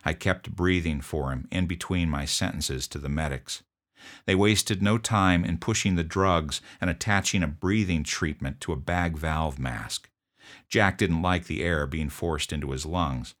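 A man narrating a first-person account of an emergency call, in a steady, measured telling. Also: rumbling low. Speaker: first responder recounting a call.

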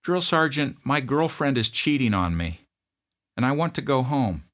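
A man voicing a tearful, homesick young army private who speaks haltingly and pleads. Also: medium pitch, sing-song, a bit bright, pitched above the performer's own voice. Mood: pleading.

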